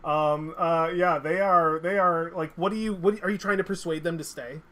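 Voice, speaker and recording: A man's voice: on the high side, steady tone, moderate pace, a bit bright. A man narrating as game master, rambling with many fillers.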